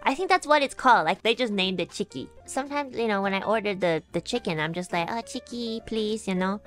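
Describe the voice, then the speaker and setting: A young woman streamer telling a story in casual chat, animated, laughing often and swearing freely. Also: medium pitch, fast talker, soft background music.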